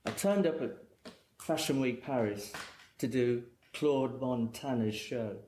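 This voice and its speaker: A man's voice: medium pitch, takes it slowly, dark tone. A middle-aged man from England, a guest hairdresser telling long rambling anecdotes in casual chat. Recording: echoey room with faint noise.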